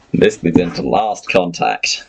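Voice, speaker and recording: A man's voice: low voice, creaky, breathy edge, low-quality recording. A man hosting a podcast, casually recapping a tabletop game with friends, rambling with lots of fillers and frequent laughter. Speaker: podcast host and game master.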